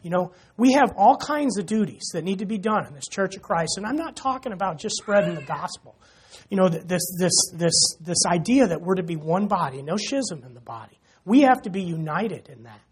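A high, slightly rough male voice preaches in church. The sermon is conversational, with jokes aimed at the congregation and plenty of "you know".

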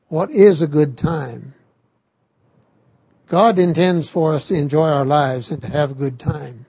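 An older man giving a sermon on scripture, slow and halting with frequent restarts. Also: fairly high pitch, gravelly, warm tone, slightly rough, no echo. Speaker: scripture teacher.

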